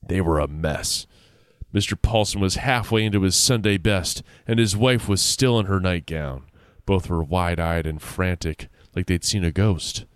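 A man's voice: sits low, measured pace, clean tone, no room sound, studio quality. A man reading a spooky story aloud in a casual way, with laughing asides.

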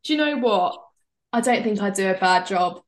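A young woman co-hosting a casual podcast chat, animated and excitable, often breaking into laughter. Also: medium pitch, normal speed. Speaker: podcast co-host.

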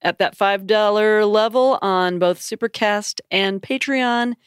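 A chatty woman co-host who giggles easily, speaks at a mid pitch and thanks listeners. The sound is dry and close to the mic, with no room behind her. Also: a little slow, clear, resonant tone, dry recording. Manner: giggly, chatty, reads out supporter names. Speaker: podcast co-host. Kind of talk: casual chat.

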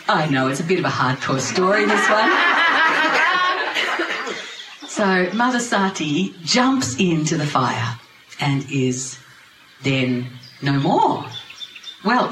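A storyteller recounting a sacred tale to a gathering with wry, animated asides. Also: medium pitch. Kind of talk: lively spiritual storytelling to a group. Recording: roomy, noisy ambience.

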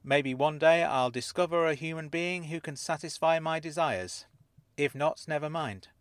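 A man voicing a calm woman claiming to be alien. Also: on the high side, no echo, studio quality, pitched above the performer's own voice, natural voice. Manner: measured and unruffled. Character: calm, composed woman who says she is not human. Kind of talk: audiobook character voice.

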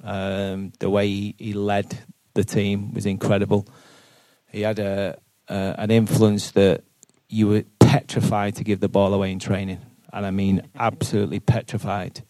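Low, dark-voiced man. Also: completely flat delivery, moderate pace, no room sound. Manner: earnest, thinks aloud with repeated words. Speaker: football manager, guest. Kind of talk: live podcast interview answers. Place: boardroom with live audience.

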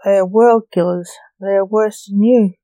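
A woman voicing a gruff male grim reaper, father and emperor, in a storybook reading, in her own plain voice. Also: medium pitch, fairly even intonation, moderate pace, mellow, dry recording, close to an everyday voice, low-quality recording.

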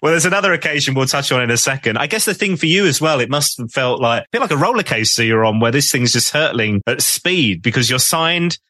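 A man hosting a music podcast, asking eager, leading questions and reacting quickly to his guest's answers. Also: mid-range voice, animated, bright, forceful tone, no echo, studio quality. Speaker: podcast host. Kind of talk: conversational interview.

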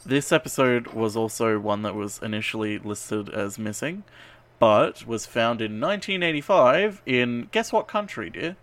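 A man's voice: mid-range voice, animated, normal speed, a bit bright. Pedantic man sharing show trivia. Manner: pedantic and teasing, correcting details with trivia. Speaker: podcast host. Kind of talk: casual podcast chat.

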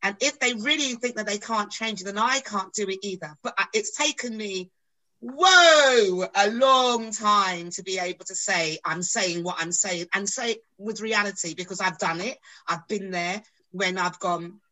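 This is a woman in middle age who tells anecdotes from her acting career in a relaxed podcast chat. Her voice is bright and ringing, and she brings the story to life by acting out what each person said. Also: medium pitch, moderate pace, poor audio. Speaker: guest actress.

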